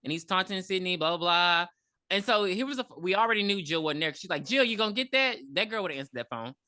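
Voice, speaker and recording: A woman retells a movie scene by scene in casual podcast chat, swearing freely and jumping into the characters' lines. Her tone is bright and forward. The sound is dry and close. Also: on the low side, lively intonation, fast, no echo. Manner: rambling, profane, with frequent ums and acted-out quotes. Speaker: podcast co-host.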